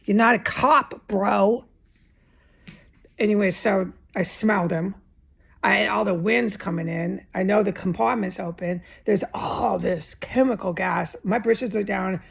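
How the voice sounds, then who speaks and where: A woman delivers a rambling first-person vlog monologue, swearing freely and breaking off to restart her sentences. Her voice is heavily gravelly with a husky, breathy edge, and sits at a middling pitch. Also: steady tone, unhurried. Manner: rambling, profane, restarts often.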